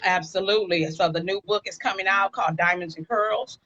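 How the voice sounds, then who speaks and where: A woman in her fifties, a guest in a live-stream interview, telling her story in a casual, animated way. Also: mid-range voice, fairly quick, muffled recording.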